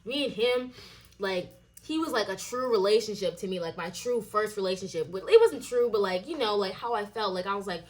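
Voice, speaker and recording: A young adult woman telling a personal story in a casual vlog, animated and full of fillers and swearing. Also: on the high side, normal speed. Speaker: vlogger.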